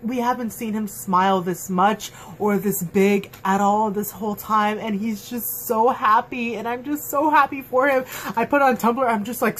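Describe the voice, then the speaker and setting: A woman in a casual fan review, chatting at home in an excitable, gushing way full of fillers. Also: medium pitch, normal speed. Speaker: TV episode reviewer. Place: at home, dog nearby.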